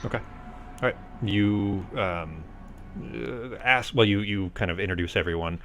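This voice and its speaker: A man's voice: lowish voice, measured pace, a bit bright, a little hiss or hum. A man narrating as game master in a loose, hesitant way with many fillers.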